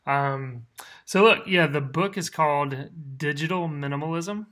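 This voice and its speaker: A man's voice: a little high, a little slow, sharp tone. A man who is a bit sick, co-hosting a casual podcast chat, often laughing at himself. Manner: laughs a lot, self-deprecating. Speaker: podcast co-host.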